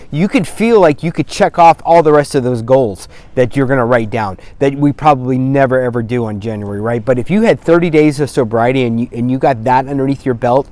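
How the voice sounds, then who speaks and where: A man's voice: mid-range voice, darkish tone. A man coaching viewers on staying sober, talking bluntly and emphatically and swearing for emphasis. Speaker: sobriety coach. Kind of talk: direct-to-camera motivational talk. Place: outdoors on a cloudy day.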